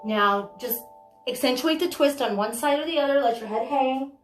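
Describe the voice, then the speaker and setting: A woman's voice: sits high, normal speed, echoey room, soft background music. A woman guiding a yoga class with chatty, encouraging step-by-step cues. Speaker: yoga instructor. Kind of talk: guided yoga instruction. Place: home studio room.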